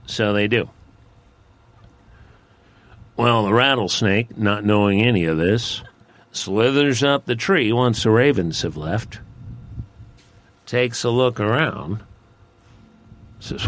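A man telling a folk tale in a relaxed, conversational, folksy way. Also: on the low side, slow pace, pauses often. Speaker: storyteller. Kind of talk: folksy spoken storytelling.

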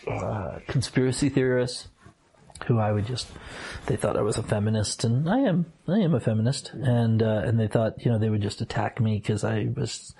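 A middle-aged former minister speaks earnestly and reflectively. He often stops and restarts his sentences. His voice is slightly husky. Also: fairly low pitch, mellow. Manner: earnest, halting with many restarts and fillers. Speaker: former minister, interview guest. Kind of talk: reflective personal storytelling.

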